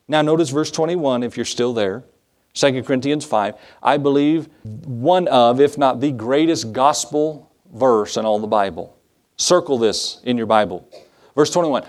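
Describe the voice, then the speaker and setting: A man preaching a sermon as pastor, emphatic, with rising bursts and slow drawn-out stresses. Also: mid-range voice, lively intonation, darkish tone.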